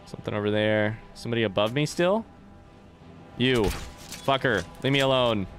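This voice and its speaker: A man's voice: medium pitch, moderate pace, faint music behind. A young man doing live gameplay commentary, rambling, joking and swearing as he chats to his viewers. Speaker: let's play streamer.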